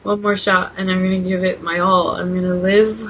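A woman in her twenties, a podcast guest telling her story candidly with fillers, quick laughs and emotional moments. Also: lowish voice, level tone, dull audio. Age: 20s. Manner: emotional, softening at painful moments.

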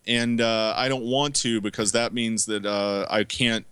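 A man's voice: mid-range voice, steady tone, measured pace, hardly any pauses, fairly bright tone, clean tone, no room sound. Profane rambling man reviewing movies. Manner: profane, rambling, lots of fillers. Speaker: podcast co-host. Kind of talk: casual movie review chat.

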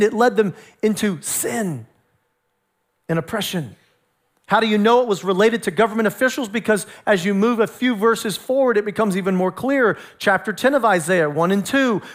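A man, a pastor, preaching a sermon with lively storytelling, acting out voices as he goes. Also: high-pitched.

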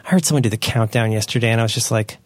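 A man hosting a podcast, chatting casually as a parent, rambling and correcting himself as he tells animated stories. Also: fairly low pitch, racing. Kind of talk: casual chat.

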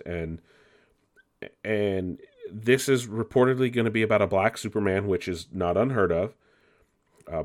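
A man with a low, deep voice hosting a casual entertainment news roundup. He talks loosely and chattily, drops the odd swear word and laughs at himself.

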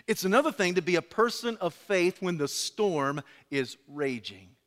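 A man preaches a sermon with a high, bright voice. He swings from loud pleading to soft, hushed lines. Long reverb from a large hall trails every phrase. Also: animated, normal speed. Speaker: pastor.

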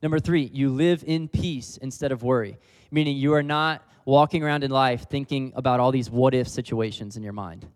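Young male preacher, casual and giggly delivery, medium pitch, long-reverb hall. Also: moderate pace, few pauses. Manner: casual, laughs often, leads the crowd in repeating lines. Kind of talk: sermon.

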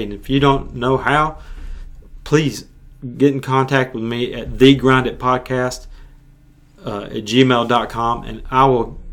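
An earnest male preacher delivering a sermon on his own podcast. His voice sits in a middle register, and he often restarts and repeats phrases as he works toward a point. The delivery is conversational rather than polished. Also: mid-range voice. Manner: earnest, repetitive, with frequent restarts.

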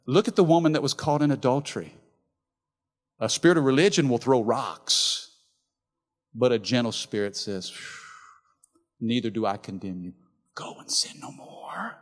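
Passionate preacher man in an echoing hall. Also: mid-range voice. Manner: passionate preaching, swinging from loud emphasis to soft quiet. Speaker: pastor. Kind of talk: sermon. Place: large church hall. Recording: reverberant church hall.

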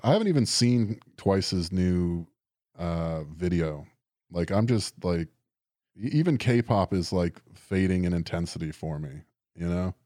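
A man's voice: deep voice, measured pace, mellow, dry recording, clean studio sound. A young man chatting casually on a podcast, rambling and sardonic, swearing often and leaning on fillers. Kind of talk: casual chat.

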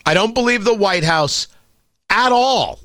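A man's voice: high voice, lively intonation, a little slow, pushed and bright, dry recording, clean studio sound. A man hosting an opinion commentary monologue, sardonic and opinionated, firing off emphatic rhetorical questions. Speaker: commentary show host.

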